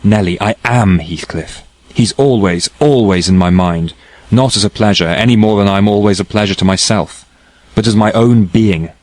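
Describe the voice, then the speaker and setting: Guy reading as a passionate stubborn young woman, raised a bit higher than his own low voice, declaiming, dry close sound. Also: moderate pace, a little mellow, no room sound, lightly acted, rough recording. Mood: fervent. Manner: impassioned, declaiming. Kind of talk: audiobook character reading.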